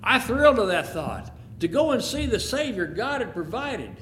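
A man telling a first-person story in an expressive, emotional way. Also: very high-pitched, normal speed. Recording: echoey room, faint noise.

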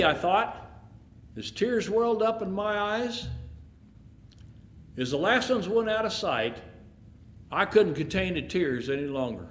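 A man telling a first-person story in an expressive, emotional way. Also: high-pitched, unhurried, pauses often. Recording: echoey room, faint noise.

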